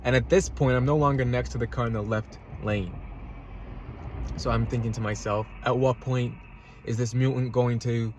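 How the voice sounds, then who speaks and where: A man's voice: mid-range voice, steady tone, normal speed, darkish tone, muffled recording, slight background noise. A man telling a road-rage story in a casual, agitated rant from his parked car, swearing and repeating himself. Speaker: vlogger. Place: parked car in a parking lot.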